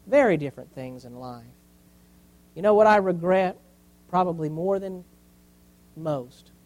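A high-voiced man preaching from the pulpit. He hammers points with repetition and lets his voice fall to a hush for effect before rising again. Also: low-quality recording. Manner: preaching with swings from loud emphasis to quiet, repeated phrases. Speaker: pastor. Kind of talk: sermon.

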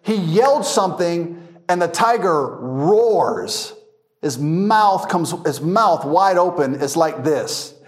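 A man's voice: on the high side, slow pace. A man teaching a verse-by-verse Bible class, telling funny stories with frequent laughter. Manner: laughing storyteller, animated anecdotes.

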